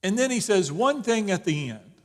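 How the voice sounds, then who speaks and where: A man's voice: high voice, sing-song, moderate pace, a little mellow. A man, a pastor, teaching a Bible study in a casual, joking way, often restarting his sentences. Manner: conversational, joking, with frequent restarts. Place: church sanctuary. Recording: long reverb in a church hall.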